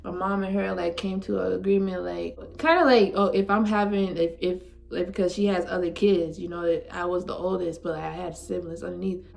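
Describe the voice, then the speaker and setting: A woman's voice: fairly low pitch, fairly even intonation, a little fast, creaky, hardly any pauses, darkish tone. A woman in her twenties, a vlogger telling a personal story at home in a casual, rambling, heartfelt way, filling her talk with "like". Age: 20s. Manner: rambling, heavy use of "like", heartfelt. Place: at home indoors.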